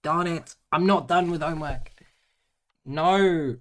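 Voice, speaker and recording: A man streaming himself doing homework in casual chat, muttering to himself, tossing out playful nonsense words and halting French, and drifting between loud bursts and quiet mumbling. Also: on the high side.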